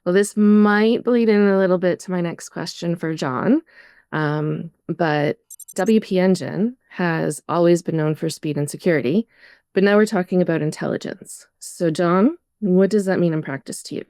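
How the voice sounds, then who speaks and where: A woman guest-hosts a tech podcast, tossing in quick affirmations. Her voice sits a bit low and her questions are clear and steady. The recording is dry and close. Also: dry recording. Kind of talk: podcast interviewing.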